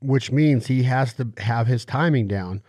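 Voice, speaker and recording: A man's voice: mid-range voice, unhurried, a little mellow, breathy edge, dry recording, clean studio sound. A man hosting a podcast interview, explaining eagerly with analogies and acted-out quotes. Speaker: podcast host.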